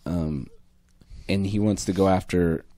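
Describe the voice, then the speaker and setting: A man hosting an improv comedy podcast, rambling with restarts as he pitches a silly movie idea. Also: steady tone, measured pace, warm tone, no room sound. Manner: rambling with restarts, laughs often. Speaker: podcast host. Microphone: studio microphone.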